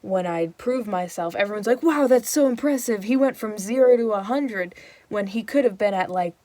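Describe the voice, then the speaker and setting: A woman's voice: medium pitch, fairly even intonation, moderate pace, a little mellow, no room sound, close to an everyday voice. A woman voicing a sly young prince who confides his smug schemes in asides.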